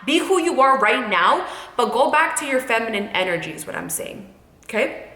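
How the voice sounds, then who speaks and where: Bright-voiced young woman giving blunt advice. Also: a little high, sing-song, normal speed, roomy sound. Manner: candid, emphatic, direct, repeats phrases for emphasis. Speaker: YouTuber giving breakup advice. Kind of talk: casual advice monologue to camera.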